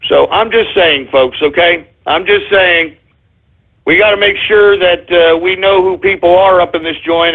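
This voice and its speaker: A combative male talk radio host delivers a profane, sarcastic political rant. His voice sits high for a man. The audio is narrow and phone-like, as if it came down a telephone line. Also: fairly even intonation, unhurried.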